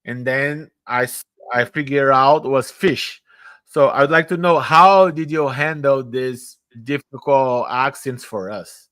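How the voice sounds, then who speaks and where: A man, hosting a casual live interview and asking chatty, rapid questions. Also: mid-range voice, fairly bright tone, no room sound. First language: Portuguese. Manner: chatty, quick-firing questions. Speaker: host.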